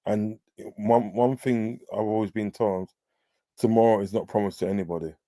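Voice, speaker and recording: A man co-hosting a live football watch-along, very animated and laughing often. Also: lowish voice, moderate pace, dry recording. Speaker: livestream co-host.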